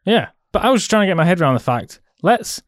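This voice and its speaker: A man's voice: high voice, very animated, fast talker, no room sound, clean studio sound. A man co-hosting a podcast, chatty and eager to jump in with a story. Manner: eager, chatty, interrupts to tell stories. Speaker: podcast co-host. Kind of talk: casual banter.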